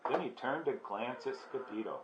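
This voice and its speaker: A man reading a children's book aloud in a relaxed way, with chatty asides to listeners. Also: mid-range voice, moderate pace, background noise. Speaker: storybook reader. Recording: dull lo-fi recording.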